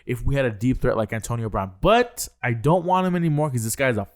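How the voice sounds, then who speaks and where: A man's voice: mid-range voice, lively intonation, fast. A young man co-hosting a podcast, ranting heatedly with heavy swearing. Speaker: podcast co-host. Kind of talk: casual chat.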